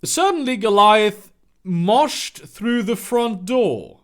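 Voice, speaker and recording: A man reads a story aloud for laughs, stopping now and then for sarcastic, disbelieving asides. His voice is fairly high and very expressive, and he takes an unhurried pace. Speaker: channel host reading a story aloud. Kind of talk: comedic dramatic reading with commentary.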